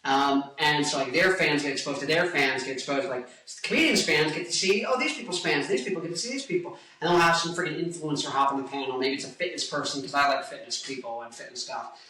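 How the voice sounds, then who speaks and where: A man's voice: a little high, fast talker, sharp tone. A man in his twenties, a rock musician, rambling and joking on tangents in a casual vlog. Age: 20s. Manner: hyper, joking, goes off on tangents. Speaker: rock guitarist and singer. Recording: echoey room, mic at a distance.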